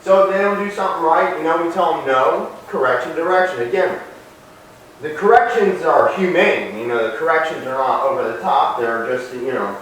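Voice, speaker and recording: A man's voice: a little high, normal speed. A man working as a dog trainer, explaining his methods and calling short commands between his explanations. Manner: calls short commands loudly and sharply, explains in relaxed asides. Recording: very echoey, distant from the mic, faint noise.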